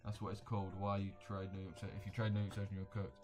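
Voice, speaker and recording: Low-voiced man trading live. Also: monotone, racing, darkish tone, soft background music. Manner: slangy, chatty, addresses viewers directly. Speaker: livestream trader. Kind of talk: casual live trading commentary.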